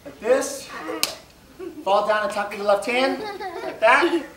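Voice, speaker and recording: A man's voice: high-pitched, unhurried. A male stand-up comedian who works the audience, giving instructor-style commands and exaggerating sing-song tones. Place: live comedy stage before an audience. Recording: echoey venue, distant mic, loud crowd.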